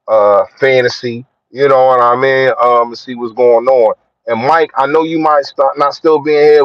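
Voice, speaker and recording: Philly guy streaming about football, slangy shoutouts, mid voice, dry muffled phone audio. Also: no echo. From Philadelphia. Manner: slangy, shouts out viewers, lively swings in pitch. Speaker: sports vlogger. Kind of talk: casual live-stream sports chat.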